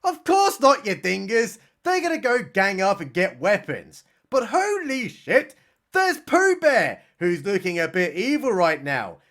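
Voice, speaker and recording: A man's voice: high-pitched, fairly bright tone. A man with a British accent giving a sarcastic, comedic recap of a horror film, with mock-dramatic outbursts. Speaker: film reviewer.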